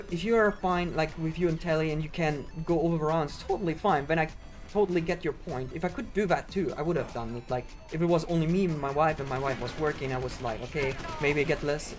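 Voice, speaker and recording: Ranting man streaming. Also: on the high side. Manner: rambling, ranting, frequent fillers. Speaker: speedrunner streamer. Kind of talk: casual chat while gaming.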